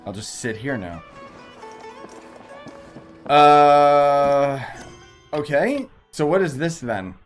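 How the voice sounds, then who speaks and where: A man's voice: medium pitch, lively intonation, very slow, pauses often, faint music behind. A young man giving casual gameplay commentary, sarcastic, dismissive and slangy. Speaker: gaming video creator.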